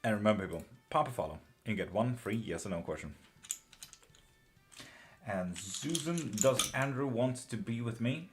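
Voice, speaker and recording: A man doing live tarot readings, chatting breezily with viewers and answering questions quickly, with casual swearing. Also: on the low side, expressive, faint music behind. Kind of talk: casual live-stream chat.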